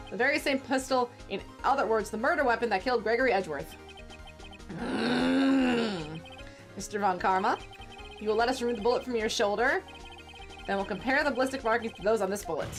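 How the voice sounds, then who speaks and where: A woman reading lines as a determined young male defense attorney in a courtroom game, laying out evidence in a measured way. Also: a little high, close to an everyday voice. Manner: steady, measured, building to accusation.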